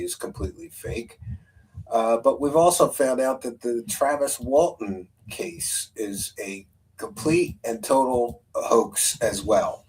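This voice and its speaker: A man's voice: medium pitch, low-quality recording. Male host, casual rambling talker, mid-range voice. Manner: rambling, laughs, thinks aloud, reads a synopsis. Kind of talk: casual live-stream chat.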